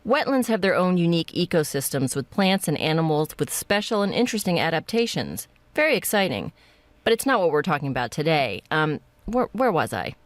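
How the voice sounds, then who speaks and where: A woman's voice: sits low, sing-song, brisk, no echo. A woman playing a professor in a scripted listening test recording, lecturing and briefly losing her place.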